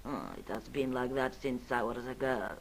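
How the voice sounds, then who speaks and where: An actress playing an aristocratic older countess, speaking formally in a studio-recorded adventure game. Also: female voice, extremely low pitch, moderate pace, slight background noise, poor audio. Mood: guarded. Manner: formal, stately. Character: aristocratic older Spanish countess, proud but weary. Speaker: game character.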